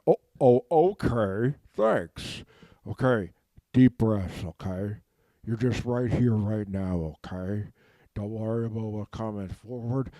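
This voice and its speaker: A man playing a rambling male orc who gives a scattered, sidetracked pep talk, shifting into a soft, soothing coaching voice. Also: on the low side, no room sound, clean studio sound. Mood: earnest. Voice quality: meandering, easily sidetracked. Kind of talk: improvised comic monologue.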